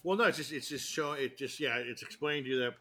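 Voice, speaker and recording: Fast-talking joking man in film chat. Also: mid-range voice, bright, forceful tone. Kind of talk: casual movie discussion.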